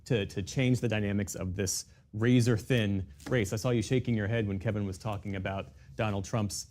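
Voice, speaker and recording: A man anchoring a news panel, turning smoothly to a guest. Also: lowish voice, steady tone, moderate pace, darkish tone, slight background noise. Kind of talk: broadcast panel moderating.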